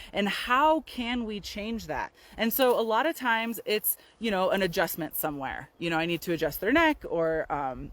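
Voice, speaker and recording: A woman's voice: mid-range voice, low-quality recording. A woman, a naturopathic doctor, chatting casually to a handheld phone camera outdoors on a windy day, full of fillers and "right?" tags. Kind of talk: casual health talk to camera.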